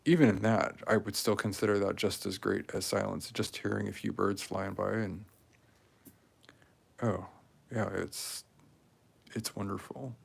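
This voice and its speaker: A man in his forties talking casually and rambling while he strings beads, with many pauses and fillers. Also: on the low side, flat delivery, gravelly, slightly rough. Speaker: craft video maker. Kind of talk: casual talk while crafting.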